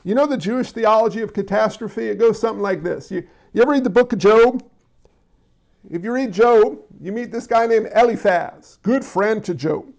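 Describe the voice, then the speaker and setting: A man's voice: high-pitched, normal speed, creaky, a little mellow, highs cut off. A man preaching a conversational sermon, addressing the congregation directly, with frequent stammered restarts. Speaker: pastor.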